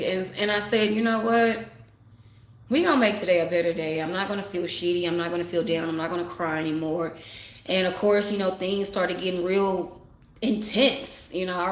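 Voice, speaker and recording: A woman vlogger casually telling a personal story to her viewers, candid and animated, laughing often and calling them y'all. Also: mid-range voice, roomy sound. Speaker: spiritual vlogger.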